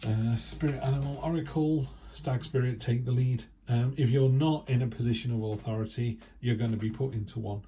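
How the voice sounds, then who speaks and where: A man's voice: medium pitch, fairly even intonation, fairly quick, few pauses, dark tone, slight background noise. A man giving a casual, chatty tarot reading who acts out quoted remarks in other voices. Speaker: tarot reader.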